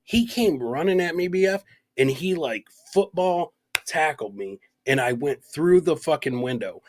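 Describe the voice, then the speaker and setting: A man's voice: a little high, animated, unhurried, no room sound. A man co-hosting a podcast, telling a story in a casual, profane way, laughing often and acting out the people he quotes. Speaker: podcast co-host.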